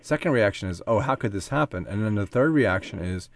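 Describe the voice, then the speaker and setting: A man's voice: fairly low pitch, expressive, fairly quick, vocal fry, dry recording. An American man hosting an interview who speaks thoughtfully and fluently as he reflects. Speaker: interview host. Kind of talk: interview conversation.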